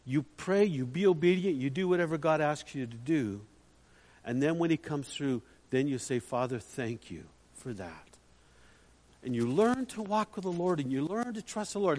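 A man's voice: a little high, expressive, normal speed, darkish tone. A man preaching a storytelling sermon in a chatty way, putting questions to the listeners. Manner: chatty, asks the audience questions. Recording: long hall reverb.

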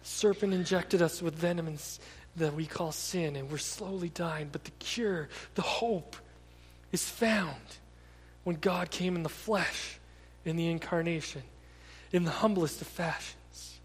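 High-voiced preacher in an echoing hall. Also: male voice, a little slow, husky. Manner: conversational, animated storytelling with repeated restarts. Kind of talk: sermon.

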